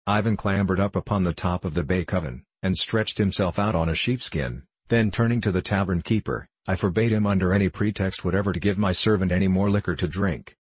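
Male audiobook narrator, measured and even; deep, dry close recording. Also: breathy edge, no echo. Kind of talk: scripted narration of a classic novel.

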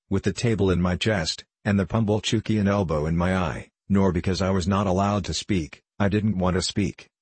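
Male audiobook narrator, deep and husky, measured storytelling. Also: a little mellow, dry recording. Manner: measured, first-person storytelling. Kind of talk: scripted narration of a novel.

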